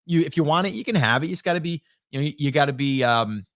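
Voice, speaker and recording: A middle-aged man chats casually on a live stream, trailing off into fillers and restarting his sentences. His voice sits a little high for a man. He speaks into a close studio microphone with no room sound at all. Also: expressive, fast talker, fairly bright tone, no echo. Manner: rambling, many fillers and restarts; reads viewer comments aloud. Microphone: studio dynamic microphone.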